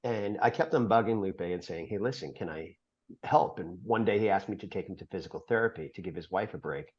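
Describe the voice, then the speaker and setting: A middle-aged man, a podcast guest, telling a long personal story in an earnest, halting way with many fillers. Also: deep voice, a little mellow. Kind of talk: storytelling interview. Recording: dull lo-fi podcast audio.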